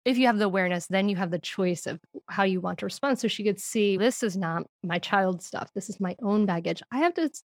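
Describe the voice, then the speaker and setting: A woman's voice: mid-range voice, brisk, few pauses, no room sound, studio quality. A middle-aged woman, a podcast guest, telling parenting stories in casual talk, laughing often and acting out what she said. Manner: animated, laughs often, acts out quotes.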